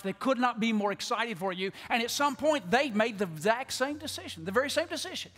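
A man preaching an altar call to a large church, pleading, repeating words, and swinging from loud appeals to hushed tones. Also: high-pitched. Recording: long church hall reverb.

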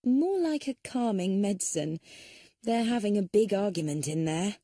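Woman doing a brisk, higher-pitched young housekeeper. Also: lively intonation, warm tone, no echo, clean studio sound, natural voice.

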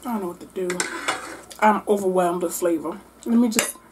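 A woman doing a mukbang-style book wrap-up, animated and exclamatory as she talks between bites. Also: on the low side, fairly quick, a little hiss or hum. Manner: animated, exclamatory, talking while eating. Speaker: book vlogger.

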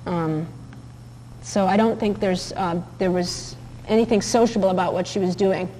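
A woman's voice: mid-range voice, fairly even intonation, normal speed, dark tone, in a large hall, slight background noise, poor audio. A woman teaching about dog behavior in a chatty, anecdotal lecture, with many fillers and restarts. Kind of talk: recorded lecture with video clips.

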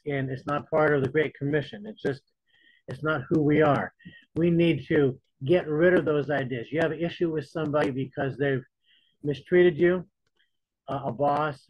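Guy preaching a bible lesson, kinda husky, pitched a bit high, dry close sound. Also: dry recording, lo-fi sound. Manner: conversational preaching, paraphrases scripture in casual modern voice. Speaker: Bible teacher. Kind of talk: sermon.

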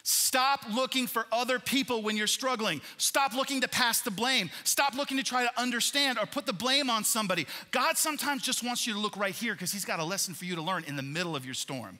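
Husky-voiced preaching man in a reverberant hall. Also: high-pitched, fairly quick. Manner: animated preaching, swings from loud to hushed. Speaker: pastor. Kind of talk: sermon.

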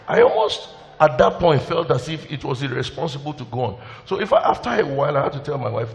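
A man's voice: on the high side, very animated, moderate pace, creaky. A male pastor, preaching a sermon in an emotional, exclamatory way. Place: church hall. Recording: long hall reverb, faint music.

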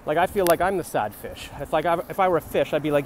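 A man's voice: on the high side, lively intonation, fast, a little hiss or hum. A young man rambling in a comic vlog outdoors on a city street, musing and free-associating, recorded on a handheld phone. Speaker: comedian vlogger.

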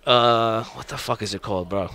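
A man casually telling a profane, animated story to friends, from Connecticut, acting out the voices of other people. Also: fairly low pitch, normal speed, smooth, dry recording. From Connecticut, United States. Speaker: guest poker player. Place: poker tournament venue.

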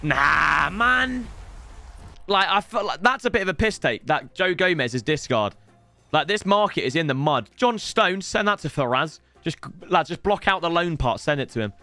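A young man streaming and commentating live as he opens game packs, excitable and breaking into shouted celebrations. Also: on the high side, normal speed, no echo, soft background music.

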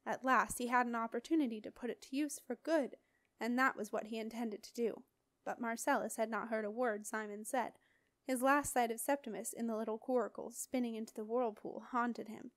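A woman reading a fantasy novel aloud as an audiobook in an expressive, dramatic storytelling voice. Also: on the high side, brisk, no room sound. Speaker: audiobook reader. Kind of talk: audiobook narration.

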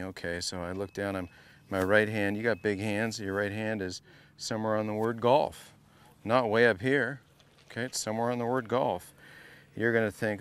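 A man's voice: on the low side, steady tone, a little fast, a little hiss or hum. A man coaching a student through a golf lesson, playful and teasing, repeating short drill cues over and over. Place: golf academy practice area.

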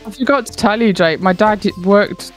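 A woman with an even, middling voice, chatting cheerfully and pointing things out in the game. Faint music sits underneath. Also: medium pitch, normal speed. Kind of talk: casual chat while gaming.

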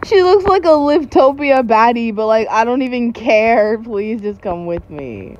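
A woman YouTuber talks through a game in casual commentary, her slightly high voice swinging widely in pitch. She is jumpy and giggly, breaking into startled exclamations, and her pace stays slow and drawn out. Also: expressive, darkish tone, highs cut off, slight background noise.

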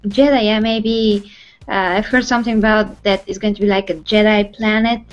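A woman co-hosting a casual movie chat who speaks haltingly, searching for words between fillers. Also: medium pitch, little pitch movement. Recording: muffled lo-fi sound with faint music.

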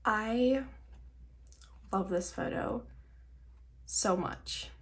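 A woman's voice: medium pitch, very slow, fairly bright tone. A young woman with a nasal voice, chatting casually and gushing while she unboxes her mail, cursing freely and sounding short on sleep. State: sleep-deprived. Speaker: vlogger.

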